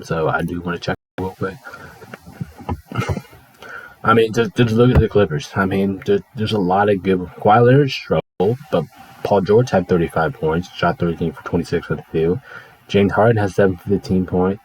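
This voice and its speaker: Deep-voiced man chatting casually. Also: a little mellow, slight background noise, rough recording. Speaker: sports video host. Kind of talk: casual sports recap.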